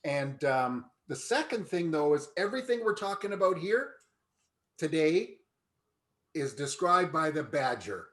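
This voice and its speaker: A man's voice: a little high, very animated, unhurried, fairly bright tone, poor audio. A man co-hosting a casual panel chat, telling stories and mimicking salespeople. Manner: chatty, storytelling, mimics salespeople. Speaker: co-host.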